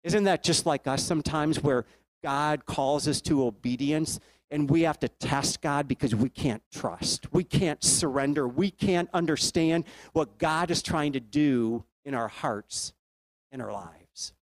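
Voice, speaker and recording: A man's voice: fairly high pitch, measured pace, dry recording. A man preaching a sermon, retelling a Bible story and putting questions to his listeners.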